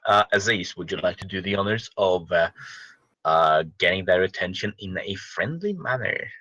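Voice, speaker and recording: A man with a low voice and a crisp, bright edge talks through a tabletop game plan. He hesitates and restarts as he thinks aloud. The sound is close and dry. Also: animated, normal speed, no echo, lo-fi sound. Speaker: player. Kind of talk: casual tabletop play.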